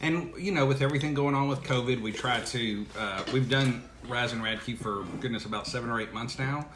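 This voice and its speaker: A man's voice: medium pitch, a little fast. A man co-hosting a casual morning show, with a dry, playful manner. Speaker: co-host of a morning livestream. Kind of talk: casual chat. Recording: roomy echo with faint noise.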